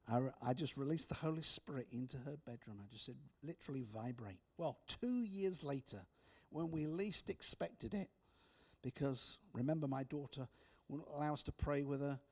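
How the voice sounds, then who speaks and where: Male preacher, storytelling testimony, drops to hushed tones. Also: medium pitch. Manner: storytelling with repeated restarts, soft dramatic drops. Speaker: speaker.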